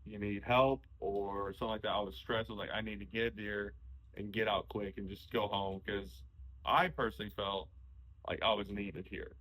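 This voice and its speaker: A man's voice: lowish voice, normal speed, low-quality recording. A young man, a hunter, casually telling stories about hunting trips and chatting with his wife, with frequent restarts. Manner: relaxed storytelling, frequent restarts. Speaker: podcast host, hunter. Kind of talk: casual conversation.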